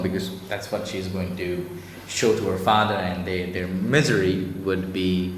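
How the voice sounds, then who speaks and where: Lowish-voiced Indian English teacher. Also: male voice, a bit bright. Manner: explains loosely, many "like" and "you know". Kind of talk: storybook explanation lesson. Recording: echoey room with long reverb, faint noise.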